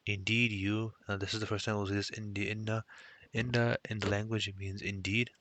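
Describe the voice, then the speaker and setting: A man's voice: lowish voice, little pitch movement, brisk, a bit bright, no echo. A man teaching a recorded language lesson, explaining step by step and mixing Arabic phrases into his English.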